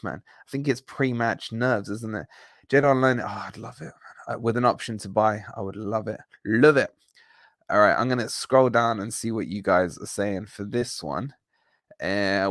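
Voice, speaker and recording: A man's voice: medium pitch, dry recording, clean studio sound. Chatty man reading live chat. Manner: chatty, reads out viewer comments, jokey banter. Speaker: livestream host reading chat. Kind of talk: casual late-night live stream chat.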